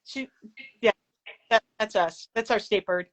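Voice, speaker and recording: A woman co-hosting a casual livestream chat, chatty and laughing often, slowing down to explain words. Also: mid-range voice, poor audio. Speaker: co-host of a fan livestream.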